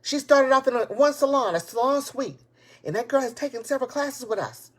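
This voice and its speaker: A woman giving a live motivational talk to her viewers, excited and preachy, repeating her points and speaking in casual, folksy grammar. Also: sits high, fairly quick. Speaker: motivational speaker and business coach. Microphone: tablet device.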